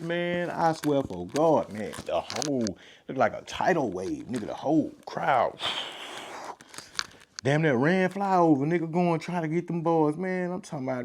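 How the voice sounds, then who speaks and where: A man telling a personal story in casual, slangy speech, full of filler phrases and profanity, growing more animated at the tense parts. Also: fairly high pitch, measured pace, slight background noise. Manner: animated, rising louder in tense moments.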